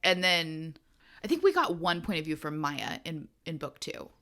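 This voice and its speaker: A woman's voice: low-pitched, big pitch swings, moderate pace, bright, forceful tone. A woman co-hosting a podcast in casual chat, talking in a chatty, rambling way and laughing often. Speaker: podcast co-host. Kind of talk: casual book-club chat.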